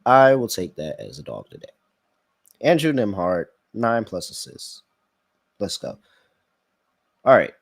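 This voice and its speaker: A man's voice: lowish voice, big pitch swings, measured pace, vocal fry, pauses often, no room sound. A man hosting a sports betting podcast in casual live-stream chat, thinking aloud and reacting to viewers' comments.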